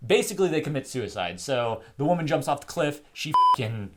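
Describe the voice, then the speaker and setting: A young man co-hosts a relaxed film review podcast. He retells scenes with animated energy, scattering fillers and slipping into quoted voices. His pitch sits in an ordinary middle range. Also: brisk, very noisy. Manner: animated retelling with lots of "like" and laughs. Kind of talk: casual film discussion.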